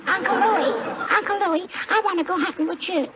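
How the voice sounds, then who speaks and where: A woman's voice: very high-pitched, fairly quick, a loud crowd. A woman playing a wisecracking little girl of three and a half in a 1940s radio comedy. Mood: cheeky. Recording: muffled 1940s radio broadcast with hiss.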